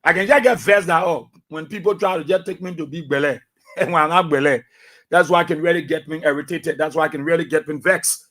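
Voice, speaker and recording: Give me a middle-aged Liberian man hosting talk radio, emphatic and high-pitched. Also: quick pace. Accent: Liberian English. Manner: emphatic, repetitive, swings between soft asides and loud outbursts. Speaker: radio talk show host. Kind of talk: animated radio commentary.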